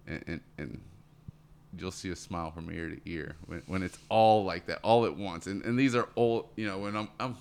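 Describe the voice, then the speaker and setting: Speaking at normal speed with a smooth, gravelly, darkish tone, a male podcast guest chats casually in an earnest, motivational way. He repeats words, calls people "man," and raises his pitch when imitating others.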